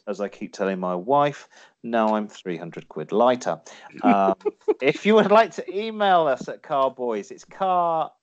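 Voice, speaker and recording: A man leads a casual podcast quiz, his voice swinging widely in pitch as he jokes and trips over his own answers. The recording sounds dull and lo-fi. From Ireland. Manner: jokey, self-correcting quizmaster. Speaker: podcast co-host running a quiz. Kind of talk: casual chat. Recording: dull lo-fi audio.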